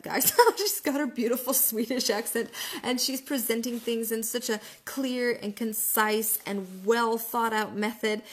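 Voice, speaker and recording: A woman giving a motivational live video talk as an online business mentor, excitable and often fumbling and restarting her words. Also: on the high side. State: out in the freezing cold.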